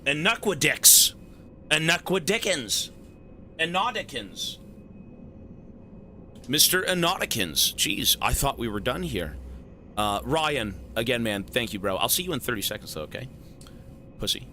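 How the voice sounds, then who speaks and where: A man live-streaming a game who thanks his viewers with loud, swearing, joking banter. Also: fairly low pitch, animated, moderate pace, a little hiss or hum. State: has a headache.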